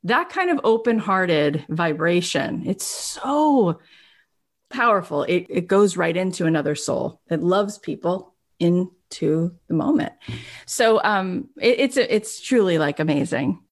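A woman's voice: lowish voice, expressive, measured pace. A woman hosting an interview, speaking with heartfelt praise of her guest. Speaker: podcast host. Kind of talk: emotional interview talk.

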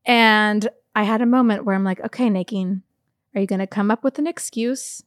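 A woman's voice: medium pitch, normal speed, dry recording, clean studio sound. A woman podcast co-host telling a story in casual chat, acting out the voices and laughing often.

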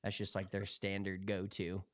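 A man's voice: sits low, completely flat delivery, moderate pace, dry recording, studio quality. Profane, rambling man on a podcast. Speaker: podcast co-host. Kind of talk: casual chat.

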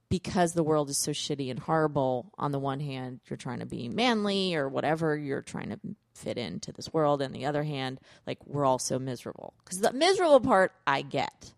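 A woman in her thirties talks through a family story in a relaxed podcast chat. Her pitch rises and falls all over the place as she acts out her kids, and her lower notes go gravelly. The sound is close and dry, with no room around it. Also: normal speed, dry recording. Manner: animated storytelling, acts out kids' voices. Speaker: podcast co-host, parent. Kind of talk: casual chat.

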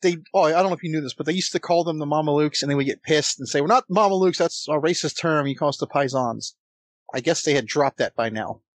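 A man's voice: a little high, fast talker, dry recording, clean studio sound. A man co-hosting a casual podcast, laid-back and chuckling as he adds trivia asides. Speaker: podcast co-host.

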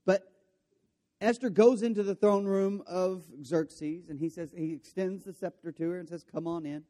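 A man's voice: high voice, steady tone, normal speed, mellow. A man preaching a sermon, retelling a story with playful voices for the characters and jokey asides. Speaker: pastor.

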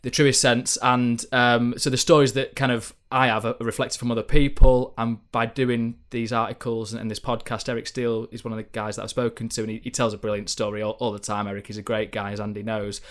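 A man's voice: mid-range voice, little pitch movement, a little fast, hardly any pauses, a bit bright. A young man, a football correspondent, telling stories in a chatty, rambling way on a podcast. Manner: chatty storyteller, many ums and restarts. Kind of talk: podcast chat.

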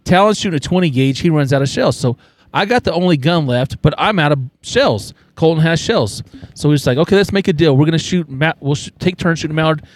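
A man's voice: a little high, animated, quick pace. A man telling a rambling hunting story on a casual podcast, defending his side of it. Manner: rambling, self-justifying. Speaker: podcast guest.

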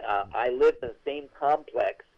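An older man, a veteran actor, telling stories as an interview guest in a chatty, animated way with many restarts. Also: mid-range voice, moderate pace, highs cut off. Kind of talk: interview storytelling.

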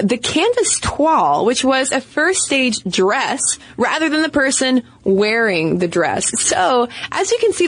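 A woman co-hosting a podcast in casual chat, chatty and playful, often laughing through her asides. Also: medium pitch. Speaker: podcast co-host.

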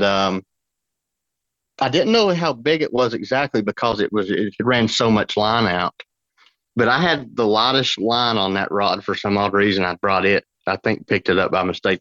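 Fishing guide guy, kinda low voice, rambly and worked up, lots of likes and uhs, muffled dry audio. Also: no echo. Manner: rambling, excited, lots of fillers. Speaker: fishing guide, podcast guest. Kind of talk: casual storytelling.

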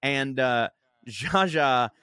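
Podcast dude, crude and laughy, middle pitch, dry close mic. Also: male voice, expressive, extremely slow, sharp tone, clean tone, no room sound. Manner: crude, laughing storyteller reading quotes aloud. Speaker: podcast co-host. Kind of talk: casual podcast chat.

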